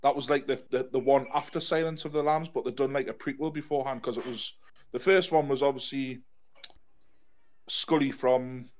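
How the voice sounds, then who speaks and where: A man rambles through a casual podcast chat. He laughs easily and loses track of names as he goes, in a mid-pitched everyday voice. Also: fairly even intonation, moderate pace. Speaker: podcast co-host.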